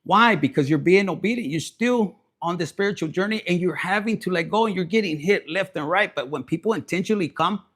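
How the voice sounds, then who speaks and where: A man with a high-pitched voice doing a casual tarot reading to camera. He talks bluntly and heatedly, cursing freely as he addresses his viewers. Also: a little fast, hardly any pauses, fairly bright tone, breathy edge. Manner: blunt, profane and fired-up. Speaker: tarot reader.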